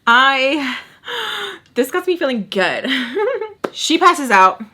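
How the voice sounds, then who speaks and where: A woman vlogger telling a dramatic personal story in a casual, slangy, animated way. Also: sits high, slow pace, slight background noise. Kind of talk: storytime vlog, casual chat.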